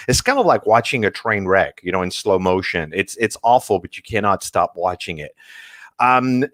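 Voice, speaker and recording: French guy doing a webinar talk, lowish voice, dry close sound, lots of uhs and restarts. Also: no room sound. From France. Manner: animated storytelling with frequent fillers and restarts. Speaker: guest speaker. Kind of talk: webinar presentation.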